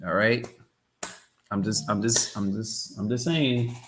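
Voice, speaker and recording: A man's voice: lowish voice, slow pace, fairly bright tone, a little hiss or hum. A man hosting a live trading stream, chatting loosely and often repeating himself. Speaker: trading livestream host. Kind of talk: casual live-stream chat.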